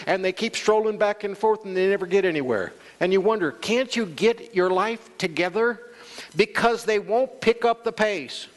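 Male pastor preaching, high-pitched, asks the crowd stuff and acts out little voices, long hall echo. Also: animated, normal speed. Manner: preaching with call-and-response, acting out quoted voices. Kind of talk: sermon. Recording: long church hall reverb.

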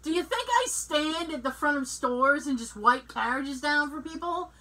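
Podcast co-host, woman, high bright voice, unhurried animated storytelling. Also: rough recording. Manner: animated, laughs often, acts out dialogue. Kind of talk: casual storytelling chat.

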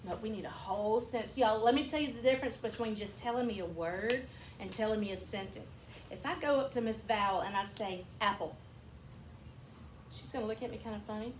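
Casting: kindergarten teacher, patient, fairly high voice, roomy echo. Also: female voice, brisk, slight background noise. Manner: patient, explains with examples. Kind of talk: classroom teaching. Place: echoey classroom. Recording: echoey classroom.

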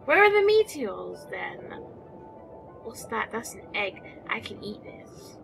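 Slow-paced and very animated, a gameplay commentator talks in a mid-range, creaky, fairly bright voice. She's chatty in her casual let's-play, addressing the creatures in the game and exclaiming or muttering as she goes, with music in the background.

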